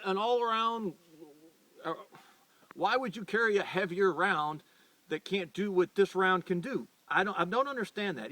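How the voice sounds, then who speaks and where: A man's voice: sits high, pushed and bright, no echo. A middle-aged American man hosting a firearms channel, talking off the cuff in an earnest, insistent way and tripping over repeated words. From United States. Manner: rambling, with frequent stumbles and repeated words; earnest and insistent when arguing. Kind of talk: unscripted opinion monologue. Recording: voice picked up from a distance.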